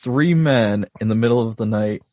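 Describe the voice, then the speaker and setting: A man's voice: on the low side, moderate pace, a little mellow, no room sound. A man co-hosting a casual movie podcast, recapping the plot and laughing often. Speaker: podcast co-host. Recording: dull dry home recording.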